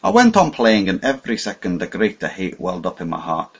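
Husky man narrating an audiobook. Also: deep voice, wildly swooping pitch. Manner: measured, dramatic first-person reading. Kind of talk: scripted narration. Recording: dull lo-fi audio.

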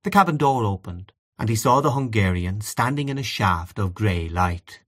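A man narrating a literary short story in a measured, expressive reading. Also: lowish voice. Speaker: audiobook narrator.

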